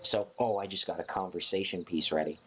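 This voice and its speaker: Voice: low-pitched, fairly quick, fairly bright tone, slight background noise. A live streamer chatting casually to viewers in a playful, self-mocking, rambling way.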